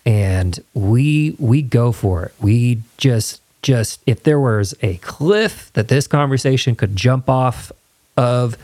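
Male podcast host, mid-pitched, dry close studio mic, earnest and rambling. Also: slow pace, a little mellow, no echo. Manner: rambling, earnest, chatty with laughs. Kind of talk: casual solo intro then interview. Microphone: studio microphone with headphones.

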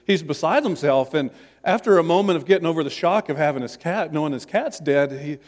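A man's voice: fairly high pitch, expressive, a little fast, in a large hall. A man pastor preaching a sermon in a church, chatty and self-deprecating, with many restarts.

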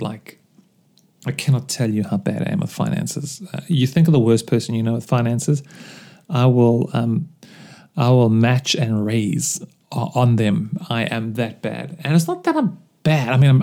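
A man's voice: mid-range voice, fairly even intonation, a little slow, vocal fry, warm tone. A man hosting a solo podcast, talking casually in a rambling, self-deprecating way with lots of fillers. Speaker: podcast host.

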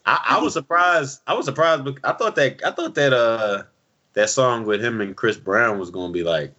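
A man co-hosting a podcast, chatting casually about music in an animated, slangy way full of "yo". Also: mid-range voice, normal speed. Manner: animated, slangy, drops lots of "yo". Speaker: podcast co-host. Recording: dull lo-fi recording.

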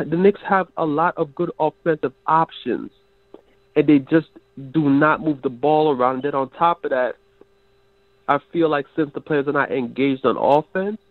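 A man's voice: medium pitch, no echo. A man with a sick, stuffy, nasal voice, calling in as a regular co-host and venting in casual sports talk with many restarts. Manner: frustrated, rambling analysis with many restarts. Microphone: phone. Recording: dry tinny phone line.

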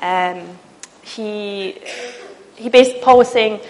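A woman preaching a sermon to a church, lively and self-mocking, talking with the congregation in a loose, conversational way. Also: fairly high pitch, normal speed, slight background noise, poor audio. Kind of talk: humorous sermon with a live demonstration. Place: church meeting.

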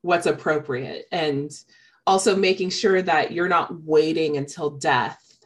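A woman's voice: low-pitched, fairly even intonation, unhurried. A woman co-hosting a podcast in casual chat, speaking in a thoughtful, hesitant way with many fillers. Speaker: podcast co-host.

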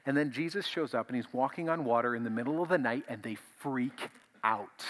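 A male pastor preaching a conversational, animated sermon, often repeating himself as he builds a point. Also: medium pitch, fairly quick.

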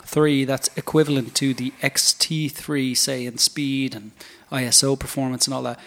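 Brief: male co-host, slow and musing, asks lots of questions, laid-back chat. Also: medium pitch, flat delivery, fairly bright tone. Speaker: podcast co-host. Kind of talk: casual podcast chat.

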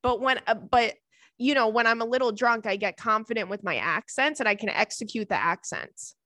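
A woman's voice: a little high, fairly quick, no room sound. Chatty laughing woman podcast host. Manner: animated, laughing, quotes friends in voices. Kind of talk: casual storytelling chat.

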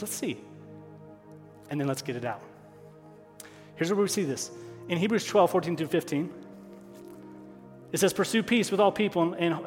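Male pastor mid-sermon, voice on the higher side, earnest and emotional, repeats lines for weight. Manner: emotional, stops to apologize and regroup; repeats key phrases for emphasis. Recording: long hall reverb.

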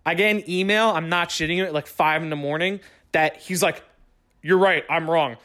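A young man telling a long story in casual speech, excitable and swearing, with lots of "like". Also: fairly high pitch, a little fast. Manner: swearing, excitable, heavy use of "like".

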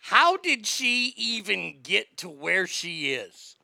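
A late-forties man hosts a live show in a crude comic rant, jumping from loud outbursts to low mutters. His voice sits high with a gravelly rasp and a sharp, bright edge. The sound is dry and close. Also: big pitch swings, slow pace, dry recording. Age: late 40s. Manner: profane, mocking, swings between loud outbursts and mutters.

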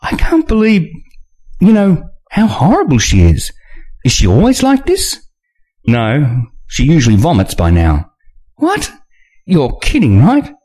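A man voicing a shy, sweet young woman who talks in hushed, shocked whispers. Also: sits low, huge pitch swings, unhurried, pauses often, breathy edge, pitched above the performer's own voice, heavily acted.

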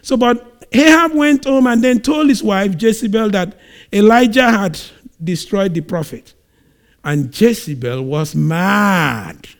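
A man from Nigeria preaches a sermon, telling scripture as a lively story with sudden swells in volume. His voice sits high for a man. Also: takes it slowly, vocal fry. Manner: animated storytelling, acts out scenes.

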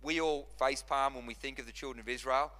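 A man's voice: medium pitch, fairly even intonation, brisk, sharp tone. A man preaching a sermon as pastor, impassioned, repeating and restarting phrases as he drives his points home. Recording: long reverb of a large hall.

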